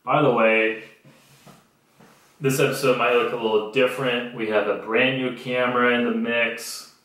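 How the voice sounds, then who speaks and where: Here a young podcast host speaks from his homemade studio in a mid-range, slightly bright voice with little pitch movement, at normal speed. The rough recording carries heavy reverb. His casual comedic monologue is blunt, sarcastic and full of profanity as he tells stories.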